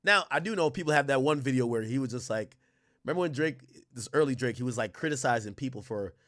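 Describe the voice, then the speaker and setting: A man from Jamaica with an American accent, hosting a livestream and chatting quickly and directly to his viewers. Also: medium pitch, lively intonation, a bit bright. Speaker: livestream host. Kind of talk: casual stream commentary.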